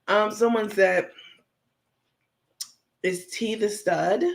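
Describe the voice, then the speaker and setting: A woman hosts a laid-back livestream from home, reading out viewer comments and answering each one frankly. Her voice has a gravelly fry in it, and she addresses her audience directly in a chatty, unfiltered way. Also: lowish voice, a little slow. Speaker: livestream host.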